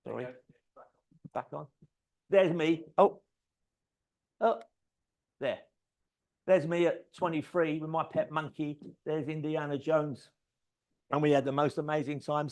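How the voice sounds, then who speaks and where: A middle-aged man giving a keynote talk, telling lively anecdotes, swearing freely and acting out quoted conversations. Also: on the high side. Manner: animated anecdotal storytelling, swears freely, acts out quoted dialogue. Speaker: conference speaker. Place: event stage.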